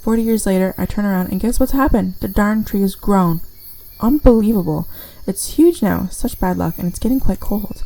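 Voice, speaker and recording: A chatty, folksy old man who has been stuck up a tree for years rambles on in a mellow, warm voice while spinning odd tales. A woman reads the part aloud during a game playthrough, in close to her own voice. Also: mid-range voice, normal speed, vocal fry, hardly any pauses, poor audio. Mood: rambling. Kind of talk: reading game dialogue aloud.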